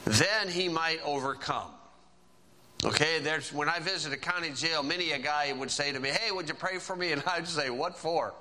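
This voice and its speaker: A man preaching a sermon, reading scripture aloud and stressing key phrases with slow, drawn-out emphasis. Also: fairly high pitch, sharp tone, low-quality recording.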